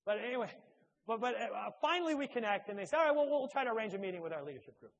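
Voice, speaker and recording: Male church speaker, fairly high voice, halting, self-mocking storyteller. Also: lively intonation, gravelly, dull audio. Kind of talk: humorous personal anecdote.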